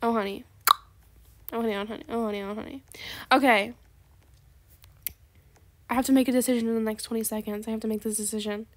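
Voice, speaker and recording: A woman giving chatty, sarcastic commentary over a trading game, gushing with gasps and dropping into soft asides. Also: on the high side, steady tone, fast, long pauses. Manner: chatty, calls viewers "besties". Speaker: gaming video creator. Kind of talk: casual gameplay commentary.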